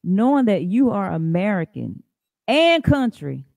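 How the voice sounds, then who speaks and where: A woman's voice: medium pitch, big pitch swings, measured pace, vocal fry, a little mellow, no echo. A woman hosts a casual podcast interview, her voice swinging up and down as she chats and asks questions. She laughs easily, and her voice comes through dry and close, with no room sound. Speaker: podcast host.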